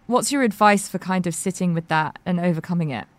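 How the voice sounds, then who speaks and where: Female podcast host, somewhat low voice, dry studio sound, scripted narration. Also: fairly quick, no room sound. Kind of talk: scripted narration and interview questions.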